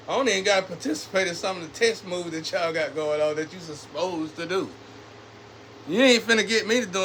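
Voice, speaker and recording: Man, high voice, bright, street slang, preachy rambling monologue, faint background noise.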